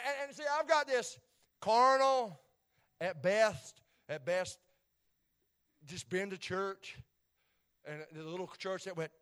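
Animated high-voiced preacher man. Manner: animated, swings from hushed to shouting, repeats phrases. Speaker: preacher telling a testimony. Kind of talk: sermon storytelling.

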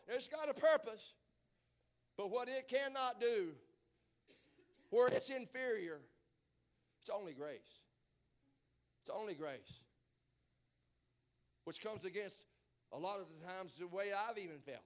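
In a church, a man delivers a sermon with emphasis, sinking into low murmurs before climbing back up to shouted exclamations.

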